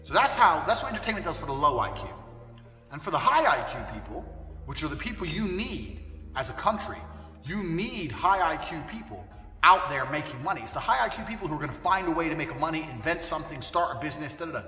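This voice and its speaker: A man's voice: on the high side, big pitch swings, fast, bright, forceful tone. A man delivering a blunt, profane ranting monologue as an online commentator. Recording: echoey hall, voice far from mic, faint music.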